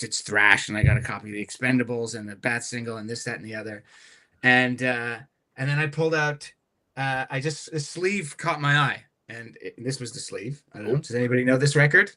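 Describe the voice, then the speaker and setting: Guest musician, male, bright forward voice, rambling and animated storyteller. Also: mid-range voice. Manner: rambling, animated anecdotes with many restarts. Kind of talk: casual podcast storytelling.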